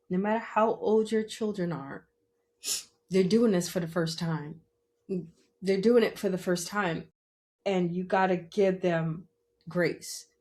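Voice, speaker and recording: A middle-aged woman hosting a podcast, talking earnestly and tearfully about parenting, often repeating herself and asking "you understand?". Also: on the low side. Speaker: podcast host. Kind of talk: emotional personal monologue.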